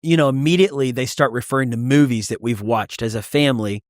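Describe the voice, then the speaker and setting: A man hosting a podcast, talking in relaxed casual chat and chiming in often. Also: mid-range voice, fast, dry recording, studio quality. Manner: relaxed, conversational, chimes in often. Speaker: podcast host.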